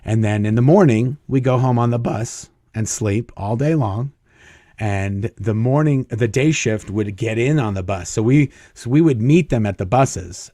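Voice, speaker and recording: A man's voice: on the low side, mellow, no echo, studio quality. A man as an interview guest, telling stories casually, chuckling often and acting out quoted dialogue. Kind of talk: casual storytelling.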